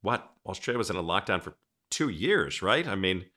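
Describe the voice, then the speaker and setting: A man's voice: deep voice, very animated, normal speed, sharp tone. A man hosting a podcast interview, telling rambling stories in a casual, chatty way. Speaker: podcast host.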